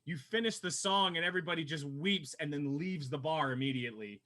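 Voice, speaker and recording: A man's voice: on the high side, fairly quick, sharp tone. A man narrating as game master of a tabletop game in a casual, rambling way, full of fillers. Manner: casual, rambling, many fillers, laughs at his own jokes.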